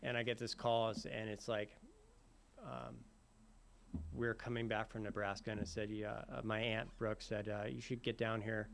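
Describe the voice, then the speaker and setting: A man telling his sobriety story in a halting way, full of fillers and restarts. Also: on the low side, flat delivery, vocal fry, slight background noise. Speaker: recovery speaker sharing his story. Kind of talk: personal recovery talk.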